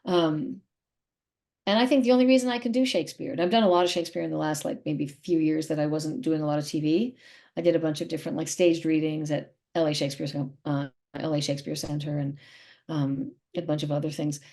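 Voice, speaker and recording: A woman's voice: low voice, fairly even intonation, fairly quick, mellow. A middle-aged woman, an actress and interview guest, talking in a casual, emphatic and opinionated way.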